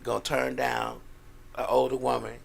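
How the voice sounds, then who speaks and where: A man's voice: medium pitch, completely flat delivery, normal speed, gravelly, slightly rough. A man co-hosting a casual talk radio show, blunt, emphatic and crude. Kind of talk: casual chat.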